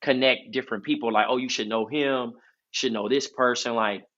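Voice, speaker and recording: Podcast co-host, male, nasal and bright-toned, casual storyteller, dull recording. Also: medium pitch, fairly even intonation, brisk. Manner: loose, rambling storytelling with many fillers.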